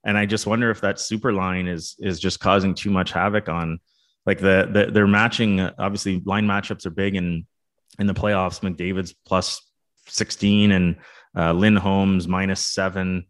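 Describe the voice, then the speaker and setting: A man's voice: low-pitched, flat delivery, normal speed. A man co-hosting a casual hockey talk show, thinking aloud with many restarts and repeated words. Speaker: co-host, former pro hockey player and coach.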